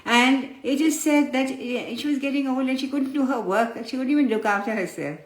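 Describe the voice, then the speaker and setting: Female spiritual teacher, patient storyteller who calls listeners her children; higher voice, roomy echo. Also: brisk. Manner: addresses listeners fondly as children, explains patiently.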